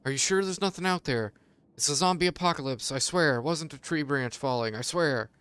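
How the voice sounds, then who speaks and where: A frantic, jittery pet dog begs over and over, as a man voices it in a raised, quick voice. The tone stays smooth and clear while the panic pushes the pitch up. It sounds like a joke voice dropped into casual chat. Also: a bit bright, close to an everyday voice. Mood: pleading. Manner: frantic, pleading, repeats itself.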